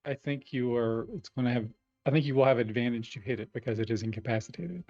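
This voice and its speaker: A man's voice: mid-range voice, fast, a little mellow, dry recording. A man playing a tabletop game casually, joking and explaining the rules. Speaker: player. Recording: dull lo-fi stream audio.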